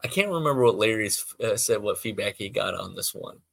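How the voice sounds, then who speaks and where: A man's voice: lowish voice, expressive, brisk, creaky, a bit bright, no echo. A man hosting a podcast who reads amateur fiction aloud, stumbles, corrects himself, and breaks off into rambling asides. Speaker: podcast host.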